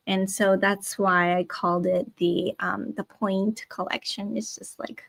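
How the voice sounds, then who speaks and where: Middle-aged woman host, gentle and admiring, mid pitch, takes her time. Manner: soft-spoken, unhurried, admiring, with frequent ums. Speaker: livestream host, jewelry designer. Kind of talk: live sales stream, reading viewer comments.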